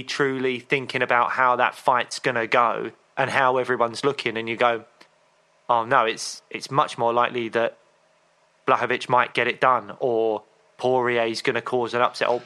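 A man co-hosting a podcast, telling a story in a chatty, animated way. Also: mid-range voice. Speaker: podcast co-host. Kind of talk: casual chat.

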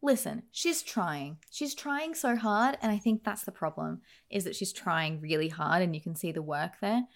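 A woman co-hosting a film review podcast, ranting in an animated, exasperated way. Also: lowish voice, normal speed. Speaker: podcast co-host. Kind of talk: casual film review chat.

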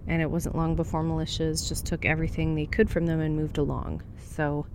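A woman playing a wary young survivor of the wildfires, talking haltingly through a smoke mask as she records a log alone. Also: sits low, level tone, noisy background. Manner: halting and hesitant, with many pauses and fillers. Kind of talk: audio drama monologue.

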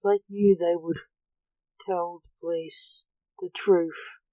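A woman narrating a story in a calm, even reading voice. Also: fairly low pitch, slow, no echo.

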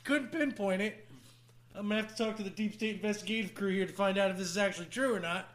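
A man's voice: sits high, fast talker, fairly bright tone. A man co-hosting a podcast in casual banter, teasing his guest and swearing often. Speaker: podcast co-host.

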